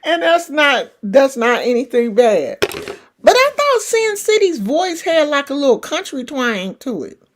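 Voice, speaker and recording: A middle-aged woman talks in a rambling, folksy way with a California country twang. Her voice sits on the high side and swings widely in pitch. She takes her time and never hurries. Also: wildly swooping pitch, a little slow, a little hiss or hum. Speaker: livestream host. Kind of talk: casual chat.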